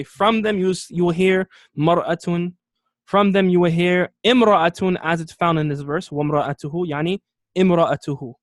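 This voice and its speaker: A man teaching a classroom lesson on Arabic words, speaking in a somewhat high voice. He moves step by step, says important terms slowly and repeats them, and keeps asking "okay?" to check that his students follow. The recording is dry, close and free of room echo.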